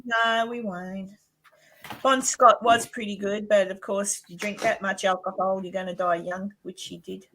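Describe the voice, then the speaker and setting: A woman's voice: mid-range voice, steady tone, a little slow, fairly bright tone, slight background noise. An Australian woman chatting casually on a livestream, laughing often and trailing off mid-sentence. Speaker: co-host of a paranormal livestream. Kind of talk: casual chat.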